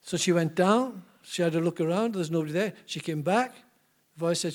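Brief: preacher, high voice, animated storyteller, repeats himself. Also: male voice, a little fast. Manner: animated, repetitive restarts. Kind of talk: sermon storytelling.

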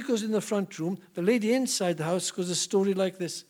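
High-voiced preacher telling stories. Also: male voice, brisk, hardly any pauses. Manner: animated, repetitive restarts. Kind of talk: sermon storytelling.

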